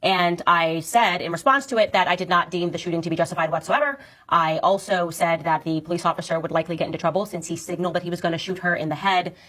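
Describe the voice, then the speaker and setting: A woman's voice: on the low side, steady tone, fast, a bit bright. A woman hosting her commentary show, arguing her point in a confident, dismissive way. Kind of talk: political commentary monologue.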